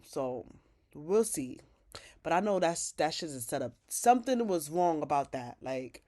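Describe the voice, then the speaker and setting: A woman with a slightly low voice talks through a TV episode recap in a loose, chatty way. She speaks with lots of fillers and slang, swears freely, and breaks in with blunt opinions. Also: a little mellow. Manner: chatty, filler-heavy retelling with quoted dialogue; opinionated asides, profane slang. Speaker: TV recap host.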